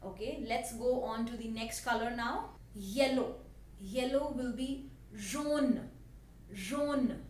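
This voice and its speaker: A woman with an Indian English accent, teaching a language lesson slowly and patiently and repeating each word for her learners. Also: fairly high pitch, darkish tone. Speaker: French teacher. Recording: echoey room, voice a bit distant, faint background hiss.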